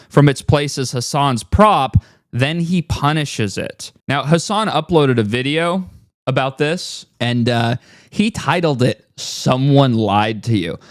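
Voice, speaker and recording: A man's voice: fairly high pitch, no room sound, clean studio sound. A man giving a mocking, incredulous reaction commentary on a streamer's clip.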